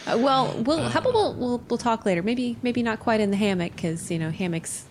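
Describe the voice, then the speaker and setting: A giggly woman plays a tabletop game, her voice bouncing up and down in pitch. Faint background noise hangs behind her. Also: brisk. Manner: giggly, lively. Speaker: player. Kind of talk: playing a tabletop game in character.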